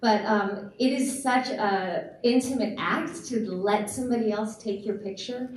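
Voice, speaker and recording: A woman's voice: mid-range voice, a little slow. A woman in her thirties, a teacher, giving an earnest, reflective talk on a festival stage with some fillers. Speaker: teacher and speaker. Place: festival stage in a large hall. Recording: echoey hall, voice picked up from a distance.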